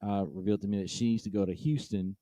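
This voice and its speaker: A man's voice: on the low side, fairly even intonation, fast talker, dark tone, no room sound, clean studio sound. A man co-hosting a comedy podcast, talking casually with frequent hesitations. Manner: hesitant, many ums and uhs. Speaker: podcast co-host.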